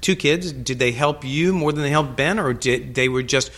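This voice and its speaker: Lively, swearing male podcast host. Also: medium pitch, normal speed. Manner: animated storyteller, swears freely, repeats words. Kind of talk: casual interview chat.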